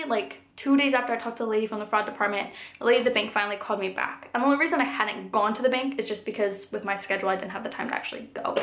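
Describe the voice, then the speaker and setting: A woman in her twenties tells a long storytime vlog, her voice sitting a little on the high side. She talks casually and loosely, filling gaps with "like" and "um." The recording carries a noticeable room echo. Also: a bit bright. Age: 20s. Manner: chatty, filler-heavy telling with frequent "like" and "um". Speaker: vlogger. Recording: echoey room.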